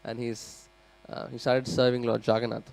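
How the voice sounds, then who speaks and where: Gravelly and medium-pitched, this man speaks at a normal speed while teaching scripture in a temple hall. He brings the story to life by acting out its characters, addressing the listeners directly in sermon storytelling.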